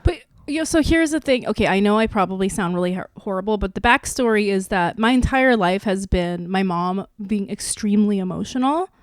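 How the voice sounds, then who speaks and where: Woman podcast host, 30s, mid-pitched, tells stories candidly, dry close-mic sound. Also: fairly quick, hardly any pauses, no echo. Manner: candid, animated storytelling with many restarts. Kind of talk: casual podcast chat.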